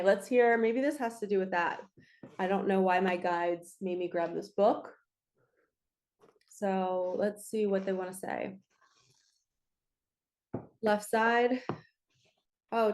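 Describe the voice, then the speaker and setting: Passionate woman with a raspy throat. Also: medium pitch, a little mellow. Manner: passionate, emphatic, urging. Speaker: spiritual reader and coach. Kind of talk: earnest spiritual talk to viewers.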